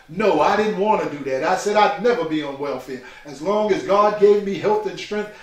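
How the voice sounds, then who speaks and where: An older man gives a preaching personal testimony, emphatic and repetitive, calling listeners brothers and sisters. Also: high-pitched. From New York. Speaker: speaker telling his life story. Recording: very echoey room, far from the mic.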